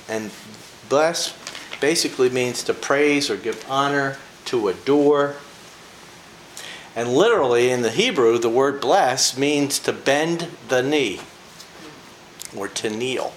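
A man's voice: mid-range voice, expressive, takes it slowly, fairly bright tone. An older man giving an informal devotional talk, telling personal stories in a chatty way with laughs and fillers. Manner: folksy, chatty storytelling with frequent laughs and fillers. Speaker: preacher. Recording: echoey room with faint ambient noise.

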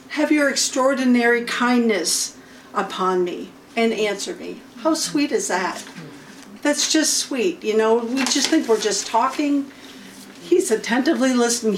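Slow-talking woman leading a Bible study. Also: on the high side. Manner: unhurried, stops often to clear her throat. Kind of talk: informal Bible teaching. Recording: faint room noise, from a distance.

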